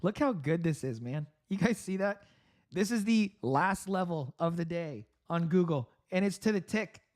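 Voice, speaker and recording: A man hosting a live trading stream, giving upbeat market commentary with frequent laughs, clearing his throat and coughing from a sore throat. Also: on the high side, animated, normal speed, a little mellow. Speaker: trading livestream host.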